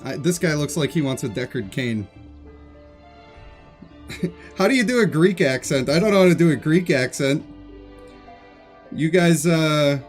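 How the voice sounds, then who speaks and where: A man's voice: fairly high pitch, lively intonation, measured pace, long pauses, faint music behind. A man streaming a game live, chatting casually and joking with his viewers. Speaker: gaming streamer.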